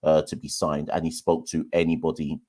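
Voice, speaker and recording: A man's voice: rumbling low, little pitch movement, brisk, darkish tone. A young man hosting a live cricket watchalong, chatting casually to viewers in a loose, self-deprecating way. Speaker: podcast host.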